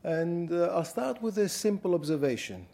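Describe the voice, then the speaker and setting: A man with a Greek accent giving an academic lecture at a university, measured and deliberate with frequent pauses. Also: on the high side, big pitch swings, creaky, dark tone. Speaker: guest lecturer.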